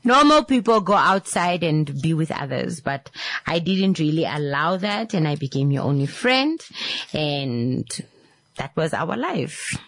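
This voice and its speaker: A woman voicing a regretful, protective middle-aged mother speaking softly. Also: low-pitched, big pitch swings, unhurried, no echo, exaggerated voice.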